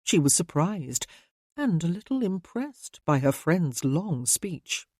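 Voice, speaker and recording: A woman narrating a romance audiobook in a calm, measured way. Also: on the low side, no echo, clean studio sound.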